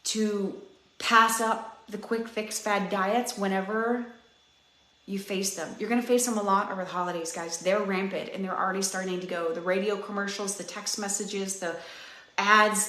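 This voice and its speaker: A woman's voice: medium pitch, sharp tone. A woman in her thirties, a fitness coach, giving an earnest, chatty pep talk to her live-stream viewers and speaking right to them. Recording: roomy echo.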